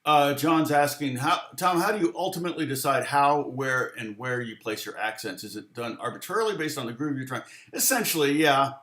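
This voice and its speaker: A man's voice: medium pitch, a little fast, few pauses, fairly bright tone. Rambling male guitar teacher, roomy sound. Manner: rambling, thinks aloud, counts and scats rhythms. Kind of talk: live-stream guitar lesson, answering chat. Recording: roomy echo.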